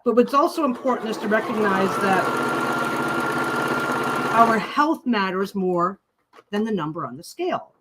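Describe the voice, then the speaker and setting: A woman's voice: medium pitch, animated, unhurried, long pauses, heavy background noise. A woman hosting a casual livestream while she sews, talking bluntly and swearing freely as she rants. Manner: blunt, profane, ranting. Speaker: livestream host. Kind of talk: casual chat while sewing.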